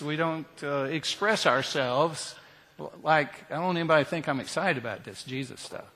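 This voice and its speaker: A man preaching a humorous, animated storytelling sermon to a congregation. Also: a little high, in a large hall. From Southern United States. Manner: humorous, animated, leads shouted cheers.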